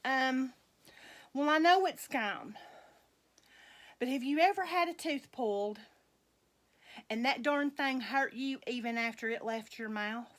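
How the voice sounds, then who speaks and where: A middle-aged woman, chatting with viewers in a slow, folksy, rambling way and laughing often. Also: sits high, a bit bright. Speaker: vlogger dressing reborn dolls. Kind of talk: rambling casual chat to viewers.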